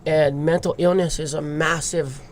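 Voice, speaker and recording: Candid and emotional, a Hawaiian big wave surfer in his thirties shares his life story as a podcast guest, swearing casually along the way. He speaks a little high with fairly even intonation at a moderate pace, and there's slight background noise.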